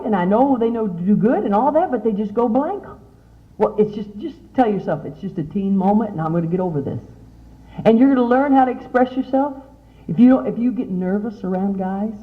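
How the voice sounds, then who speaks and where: Chatty middle-aged woman, tinny recording. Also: fairly high pitch. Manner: chatty, animated, asks the audience many questions. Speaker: speaker at a youth conference. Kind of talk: motivational talk to teen girls. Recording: tinny, phone-like lo-fi sound.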